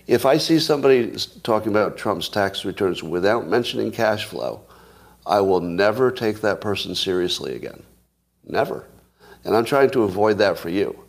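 A man in his sixties hosting a casual livestream, talking straight to his viewers and often restarting with repeated words. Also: lowish voice. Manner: conversational, talks to live viewers, repeats words when restarting. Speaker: podcast host.

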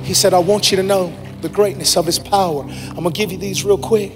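A man preaching a sermon as pastor, with a shouting, half-sung cadence. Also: sits high, fairly even intonation, a little fast, music in the background. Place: church sanctuary. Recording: long reverb of a large hall.

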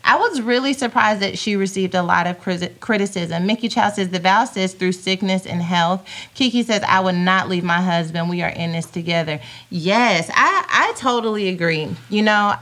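A woman's voice: mid-range voice, fairly bright tone. A woman hosts a casual podcast from home, chatting freely. She reads viewer comments aloud and riffs on them with easy humor. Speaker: podcast host. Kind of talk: casual live-stream chat reading comments.

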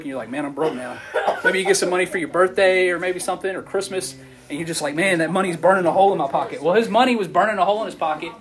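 A man, preaching a casual sermon and asking the audience questions as he goes. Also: high-pitched. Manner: conversational, asks the audience questions, animated. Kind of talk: casual sermon to a youth group.

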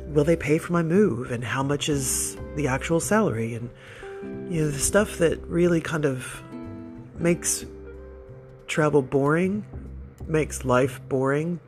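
A man hosting a podcast, telling a personal story in a casual, rambling way, with self-deprecating asides and soft laughs between thoughts. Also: a little high. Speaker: podcast host.

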